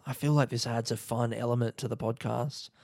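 An Australian man from South Australia hosting a solo podcast late at night, talking quietly and rambling as he thinks aloud in bed. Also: mid-range voice, steady tone, a little fast, creaky, no room sound, studio quality. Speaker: podcast host and comedian. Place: bedroom at night. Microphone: own podcast mic set up in bed.

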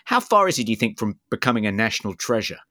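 Low-voiced man, dry and close. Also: big pitch swings, sharp tone, no echo. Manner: measured, searching for words. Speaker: podcast co-host. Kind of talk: casual political chat.

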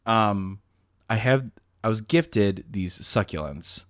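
A man co-hosting a podcast in casual chat, telling stories animatedly, laughing often and slipping into squeaky put-on voices. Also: expressive, slow pace, dry recording, studio quality. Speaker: podcast co-host.

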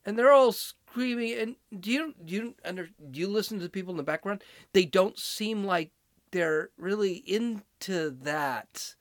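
A man's voice: high voice, moderate pace, no room sound, clean studio sound. A man giving political opinion commentary on clips he plays, indignant and sarcastic. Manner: indignant and sarcastic, mocking voices.

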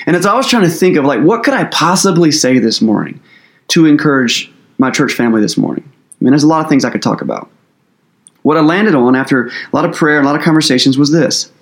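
A man with a somewhat high voice preaches a sermon to his church family. He talks casually and earnestly, with loose, conversational phrasing and many fillers. He sounds like a pastor talking things through rather than reading a script. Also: expressive, fast talker.

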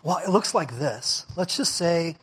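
A man's voice: a little high, expressive, measured pace, slightly rough. A male pastor preaching a casual, conversational sermon, often checking in with "right?" and "okay?". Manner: chatty, asks the crowd "right?" and "okay?".

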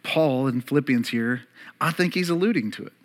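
A man in his thirties preaching a sermon to his church, emphatic, rising loud and high and then dropping soft and low, and calling on the congregation to repeat words. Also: brisk. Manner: emphatic, climbs louder and higher, then drops to soft and low. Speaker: pastor.

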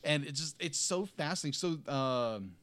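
A man's voice: on the high side, expressive, normal speed, a bit bright, no room sound. Eager man gushing in a dry, close recording. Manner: enthusiastic, gushing, searches for words with many restarts. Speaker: movie review co-host. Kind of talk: casual review chat.

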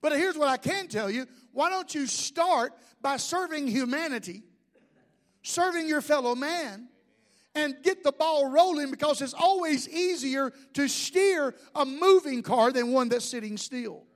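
Man, pastor, very high-pitched voice, lively sermon, jokes and asides to the congregation. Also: unhurried.

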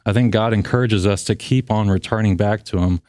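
A man in a Bible study discussion, retelling a scripture passage and reading verses aloud in a measured way. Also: on the low side, mellow, no room sound, clean studio sound.

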